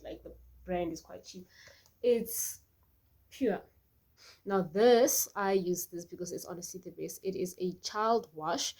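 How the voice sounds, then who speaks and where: A young woman chatting casually in a vlog, animated and talkative, acting out little quoted exchanges. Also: mid-range voice. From South Africa. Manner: chatty, animated, acts out quoted voices, laughs often. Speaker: beauty vlogger.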